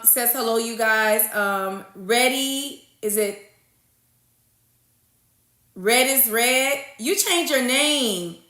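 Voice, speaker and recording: A woman's voice: a little high, bright, forceful tone. A woman hosting a casual livestream, chatting with viewers and greeting them by name, calling them honey and y'all. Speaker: livestream host. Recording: echoey room.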